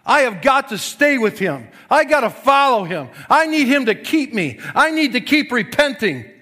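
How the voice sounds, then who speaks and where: Man, pastor, sermon, high voice, forceful preaching, quiet to yelling. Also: very animated, normal speed.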